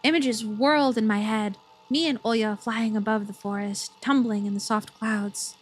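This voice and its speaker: A woman's voice: on the high side, steady tone, moderate pace. A woman streamer reading a game's story aloud, playful and giggly, swearing when startled.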